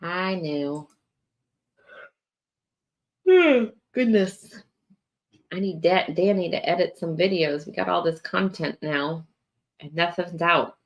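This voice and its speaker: A woman's voice: fairly low pitch, fairly even intonation. A tired woman, chatting casually with viewers as host of her morning livestream. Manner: chatty, drawn-out, lots of fillers and yawning. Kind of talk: casual live chat with viewers.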